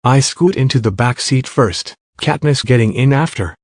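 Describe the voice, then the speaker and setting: A man narrating fan fiction aloud in a steady first-person storytelling voice. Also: medium pitch, normal speed, no room sound, clean studio sound.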